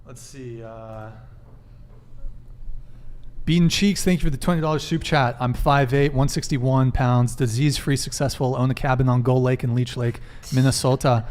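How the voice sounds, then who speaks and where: A man hosting a live-streamed dating panel, briskly reading viewer messages aloud and joking with guests. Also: medium pitch, steady tone, darkish tone. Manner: brisk, reads donor messages aloud and jokes. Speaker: podcast host.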